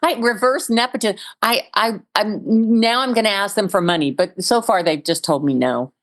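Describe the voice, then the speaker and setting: A woman's voice: medium pitch, normal speed. A middle-aged woman, a stand-up comedian as guest, telling funny stories and laughing often. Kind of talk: casual comedic interview chat.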